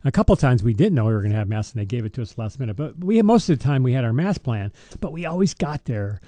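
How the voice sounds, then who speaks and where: A middle-aged man with a dark, mellow voice, talking as a deacon in a casual faith podcast. He rambles through stories with many restarts. The sound is dry and close. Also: medium pitch, big pitch swings, fast, no room sound. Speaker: deacon and show host.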